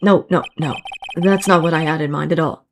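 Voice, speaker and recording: A woman voicing an earnest young male lawyer in a game read-aloud, speaking lower and hesitantly. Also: fairly even intonation, fairly quick, slight background noise.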